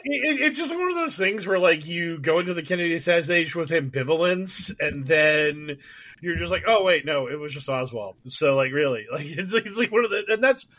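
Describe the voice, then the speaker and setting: A man's voice: fairly high pitch, animated, fairly quick, pushed and bright. A man co-hosting a podcast in casual chat, rambling and mocking, breaking into silly impressions with many restarts. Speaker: podcast co-host.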